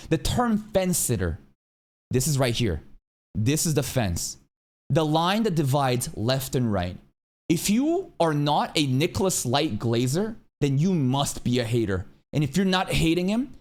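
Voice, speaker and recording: A male streamer giving a heated, profane commentary rant. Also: a little high. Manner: profane, heated, sweeping rants. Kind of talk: ranting commentary to camera.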